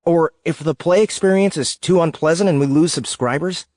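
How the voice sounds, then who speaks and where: A man's voice: fairly high pitch, normal speed, a little mellow, no room sound, studio quality, lightly acted. A woman doing a frustrated game developer man. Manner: earnest, pushing back.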